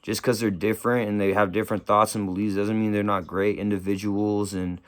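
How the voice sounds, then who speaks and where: A young man talks to camera in casual, slang-heavy speech. His voice sits low and comes through smooth and clean. He sounds subdued and grieving, often breaking off and restarting his sentences. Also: flat delivery, brisk. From San Francisco Bay Area. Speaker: vlogger telling a personal story.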